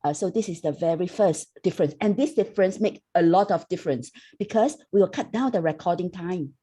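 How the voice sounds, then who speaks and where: An older woman with a Singaporean English accent, explaining voice work to a panel in a halting way with many fillers. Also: on the low side, animated, mellow, husky. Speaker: panelist, dubbing artist. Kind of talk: casual panel talk.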